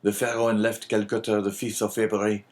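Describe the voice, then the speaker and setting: A proud old merchant at the end of his luck speaks gravely and with quiet sorrow, as a male audiobook reader puts him on. The voice is fairly low and steady, resigned rather than loud. It is a storybook reading, plainly told. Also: brisk, lightly acted. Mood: mournful. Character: older male merchant facing ruin, dignified and mournful.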